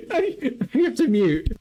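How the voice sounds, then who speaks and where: A man hosting a live stream, laughing often and getting excited and loud over donations. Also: very high voice, muffled recording. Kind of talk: casual live-stream chat. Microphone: desk mic close up.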